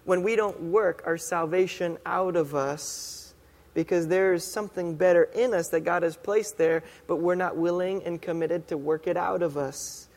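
A pastor preaches in a relaxed, chatty way and slows down hard to stress key phrases. His voice is fairly high and rings with a long reverb from a church hall. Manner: conversational, casual, with slow, emphatic punchlines. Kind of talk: sermon.

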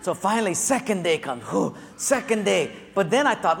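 A man preaching as a pastor, telling a lively story with acted-out voices before turning to his sermon. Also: sits high, normal speed, gravelly, few pauses. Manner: animated storytelling with acted-out quotes and laughter. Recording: long hall reverb with faint ambience.

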